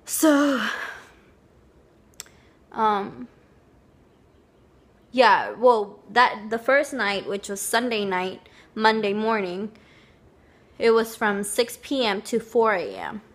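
Slow, chatty young woman vlogging. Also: mid-range voice. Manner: rambling, chatty storytelling with many fillers. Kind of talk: casual chat to camera.

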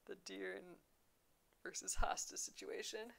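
Young woman on a craft livestream, bright voice, chatty and laughing a lot while she reads comments. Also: mid-range voice, steady tone, unhurried, creaky. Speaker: embroidery livestream host. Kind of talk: casual live chat reading comments.

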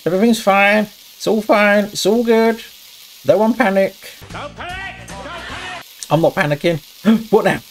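A man's voice: normal speed, faint music behind. A man commentating a cooking game, swearing a lot and talking himself through each task. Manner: yelps high when things go wrong. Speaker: gaming channel host. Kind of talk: casual gameplay commentary.

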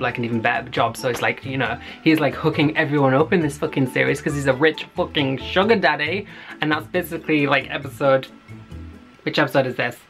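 A man's voice: medium pitch, vocal fry, fairly bright tone. A man giving a casual, profane recap of a web series and acting out the characters' lines.

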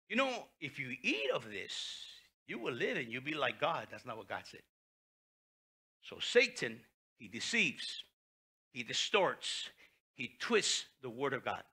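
A male pastor preaching a sermon, reading scripture aloud with animated, dramatic delivery. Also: medium pitch, unhurried, long pauses, slightly rough.

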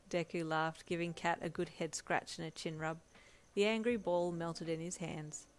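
A woman reading a fanfiction story aloud in steady, gentle second-person narration. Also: lowish voice, moderate pace. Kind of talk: scripted narration.

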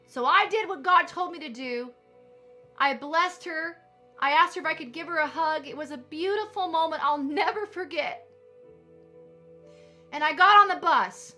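A woman's voice: high voice, normal speed, long pauses, sharp tone, soft background music. A woman telling a personal faith testimony in a fervent, emphatic storytelling manner, as a ministry leader addressing her viewers. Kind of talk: testimony sermon.

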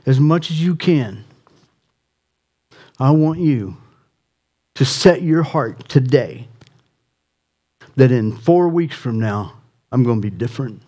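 A male pastor delivering a sermon with real passion. His warm, mellow voice climbs high and loud on appeals, then sinks to a soft hush for quiet moments. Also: lively intonation, slow pace, long pauses. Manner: impassioned, rising to near shouting then dropping soft.

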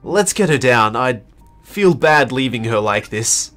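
A man's voice: mid-range voice, expressive, a little slow, a bit bright, soft background music. Sarcastic man narrating a game. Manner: sarcastic jokey asides. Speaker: host reading a visual novel. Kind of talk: comedic let's-play narration.

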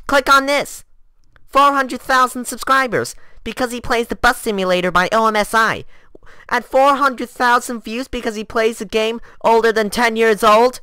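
A man's voice: very high-pitched, fairly even intonation, normal speed, pushed and bright, clear, resonant tone, no echo, pitched above the performer's own voice. A teenage boy playing a whiny, jealous young gamer noob who whines and protests indignantly, recorded on a desk microphone. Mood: whining. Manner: indignant, whining, defensive. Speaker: gaming YouTuber. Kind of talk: comedic self-argument sketch. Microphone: desk USB microphone.

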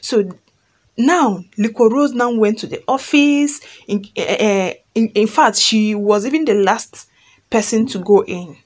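A woman's voice: a little high, unhurried. A woman who reads a fan story aloud and then retells it chattily, often checking in with listeners and repeating herself.

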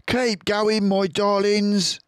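An older man voicing Mister Fox, a clever male fox urging his family on in a high, breathless voice. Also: little pitch movement, slow pace, clear, resonant tone, no echo, clean studio sound. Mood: urgent, hopeful.

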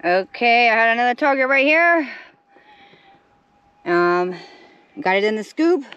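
In this casual vlog narration, a gold-prospecting woman chats with viewers out in the desert, her camera resting nearby. Her voice sits fairly high and moves at a measured pace, clean in tone though the audio sounds dull. She's talkative, says "y'all," and lets out excited squeals.

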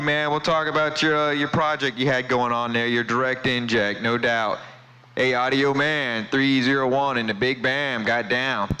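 A man's voice: medium pitch, fairly even intonation, normal speed, pushed and bright, smooth, low-quality recording. A man chatting on CB radio from his home station, friendly and repeating his call sign and sign-offs. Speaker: CB radio operator. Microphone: CB radio microphone.

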